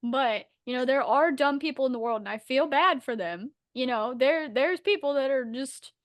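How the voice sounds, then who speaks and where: A woman's voice: high-pitched, normal speed, dry recording, clean studio sound. Blunt, swearing young woman ranting. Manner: blunt, profane, animated ranting. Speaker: podcast co-host. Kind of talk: casual chat.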